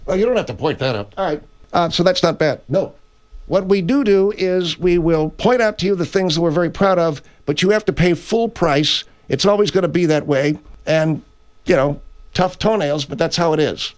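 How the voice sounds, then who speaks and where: A man's voice: fairly high pitch, moderate pace, natural voice. A man playing a brash grocery store owner who hosts his own radio show, rambling and correcting himself in an improvised comedy bit. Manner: blustery, rambling, self-correcting. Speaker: radio host character.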